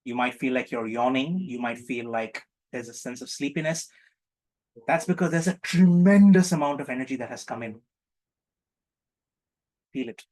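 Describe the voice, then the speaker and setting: Over a video call, a man leads an online group healing session, playful and teacherly, repeating his questions to the group. His voice is medium-pitched and darkish, at a moderate pace with long pauses.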